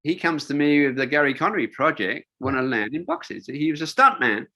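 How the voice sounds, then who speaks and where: Chatty older man, bright voice. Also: a little high, very animated, brisk. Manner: rambling, chatty, with many fillers and restarts. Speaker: wingsuit designer guest. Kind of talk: casual interview storytelling.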